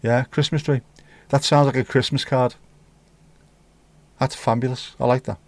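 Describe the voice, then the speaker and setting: A man's voice: mid-range voice, fairly even intonation, normal speed, no room sound. Chatty male livestream host. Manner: chatty, cheeky banter with viewers. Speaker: livestream host reading chat. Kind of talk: casual chat. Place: home room.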